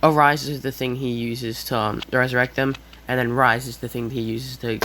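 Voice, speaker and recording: A man improvising a fan fiction story out loud, hesitant, with many fillers and self-corrections. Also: mid-range voice, little pitch movement, normal speed, very noisy.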